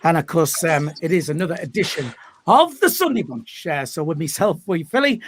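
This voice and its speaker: A man hosting a live football fan stream, upbeat and chatty, often pausing mid-sentence. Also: on the high side, sing-song, slight background noise. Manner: upbeat, chatty presenting with frequent hesitations. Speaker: host.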